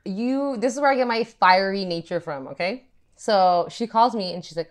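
A woman's voice: lowish voice, a little fast. A woman co-hosting a podcast, telling a family story in casual chat, swearing often and acting out her relatives' lines. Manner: animated, swears a lot, acts out family members. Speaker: podcast co-host.

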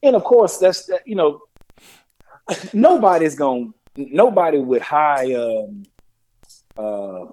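Animated man telling a story. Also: fairly high pitch, slow, pauses often, low-quality recording. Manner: animated storyteller, laughs a lot, acts out quotes. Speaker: co-host. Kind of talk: casual sports talk.

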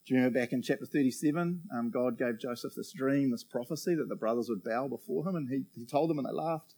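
Man preaching with animated storytelling. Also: medium pitch, fast talker. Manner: animated storytelling with frequent "right?" asides. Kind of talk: sermon, reading and explaining scripture.

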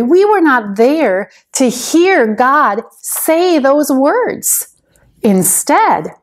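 Casting note: woman, higher voice, unhurried, gentle storyteller for a children's Bible lesson. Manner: slow, gentle and expressive, asking children to join in.

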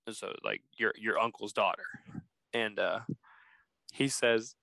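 Bright-voiced man telling a story. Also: fairly low pitch, moderate pace, no echo, rough recording. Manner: animated, acts out quoted texts. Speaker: podcast host. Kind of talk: casual storytelling.

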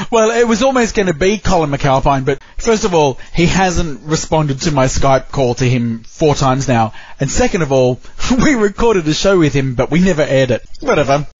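A man's voice: fairly high pitch, animated, normal speed, hardly any pauses, breathy edge, no echo, dull audio. A man co-hosting a podcast, reading quiz questions and laughing along. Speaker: podcast co-host. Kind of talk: casual podcast chat.

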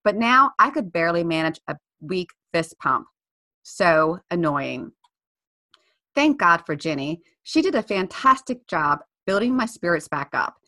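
A woman's voice: on the low side, sing-song, measured pace, bright, forceful tone. A woman co-hosting a podcast, reading her own blog post aloud in a chatty, self-mocking way. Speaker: podcast co-host.

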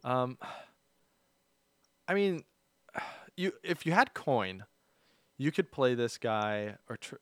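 A man's voice: medium pitch, sing-song, slow pace, long pauses, a bit bright, dry recording, clean studio sound. A man hosting a podcast in upbeat, chatty casual talk, laughing easily. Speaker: podcast host. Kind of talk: casual chat.

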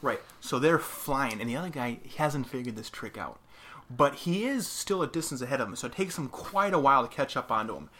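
A man casually telling a gaming story, animated, laughing often as he tells it. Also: mid-range voice, fairly quick.

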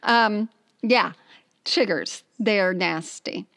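A woman's voice: medium pitch, extremely slow, vocal fry, fairly bright tone, no room sound, clean studio sound. A woman co-hosting a podcast in casual, playful chat, often laughing. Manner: chatty, giggly, playful. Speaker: podcast co-host.

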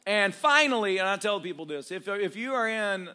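A man's voice: sits high, animated, moderate pace, sharp tone. A man preaching a storytelling sermon as a pastor, humorous and self-deprecating, laughing often as he talks straight to his congregation. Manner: conversational, addresses congregation directly.

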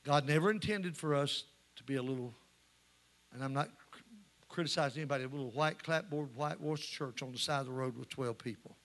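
A man, preaching a sermon and telling stories in a folksy way that rises to shouting. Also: medium pitch, brisk. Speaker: pastor. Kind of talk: sermon with storytelling.

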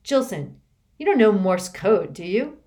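A woman's voice: mid-range voice, big pitch swings, unhurried, a little mellow. A woman reading as a haughty snarling teen girl. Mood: scheming. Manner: sneering, snarling. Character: haughty, scheming teenage girl enforcer.

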